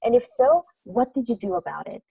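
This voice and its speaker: A woman's voice: a little high, very animated, brisk, creaky, dark tone, breathy edge, no echo, distant mic. A woman hosting an online interview, asking questions politely. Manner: polite, encouraging. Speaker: interview host.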